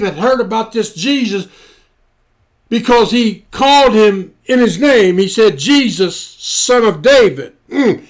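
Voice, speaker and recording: A male pastor preaching a sermon in a dramatic, colloquial style, stretching out key words for emphasis. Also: high voice.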